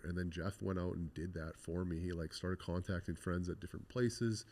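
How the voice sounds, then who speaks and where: Low-voiced man telling a blunt, candid story. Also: steady tone, moderate pace, hardly any pauses, darkish tone. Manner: blunt and frank, swears freely, retells scenes with quoted dialogue. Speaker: interview guest.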